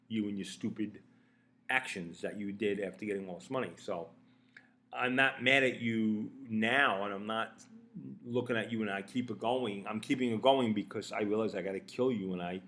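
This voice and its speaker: A man's voice: fairly bright tone, lightly acted. A man voicing a regretful mobster friend. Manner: profane, blunt, low-key threatening. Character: menacing male mob friend, regretful but resolved.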